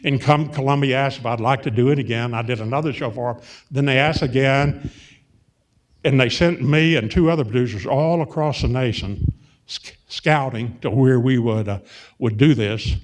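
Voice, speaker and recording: A man's voice: mid-range voice, moderate pace. Older Southern man, folksy rambling storyteller. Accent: Southern US, Arkansas. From Arkansas, US. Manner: meandering, self-interrupting, folksy anecdotes with many fillers. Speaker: guest, film and TV producer. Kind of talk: rambling storytelling before a live audience. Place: on stage at a public event.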